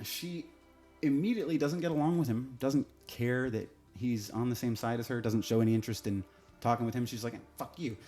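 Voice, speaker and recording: A man talks through a casual review in a blunt, opinionated way and swears without a second thought. His voice is warm and mellow, at an ordinary middle pitch. Faint music plays behind him. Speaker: TV show reviewer.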